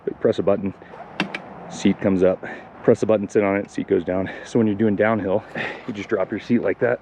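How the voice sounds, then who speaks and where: A man's voice: lowish voice, a little mellow, lo-fi sound. A man in a casual outdoor vlog, talking chattily to his viewers as he goes along mountain trails. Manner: chatty and upbeat, talking to viewers while biking. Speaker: vlogger. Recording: noisy outdoor recording.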